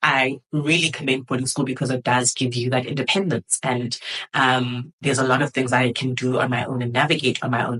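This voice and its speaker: A woman's voice: extremely low pitch, fairly even intonation, fairly quick, fairly bright tone, husky, low-quality recording. A woman in her twenties hosts a podcast and talks openly about her life. Her delivery is candid and reflective, loose and conversational, and full of "you know" and "um.". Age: 20s. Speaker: podcast host.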